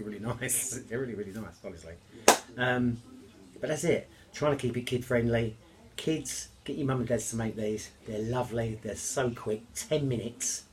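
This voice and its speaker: A man, chatting casually in a home cooking vlog, cheerful and rambling, joking about himself. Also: on the low side. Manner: cheerful, rambling, self-mocking.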